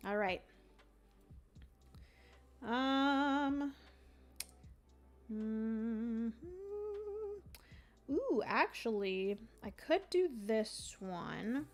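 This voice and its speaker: Slow, chatty woman thinking aloud. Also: fairly high pitch, lively intonation. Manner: thinks aloud while she plays, chatty with viewers. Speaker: livestream host playing a solo board game. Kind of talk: casual livestream chat.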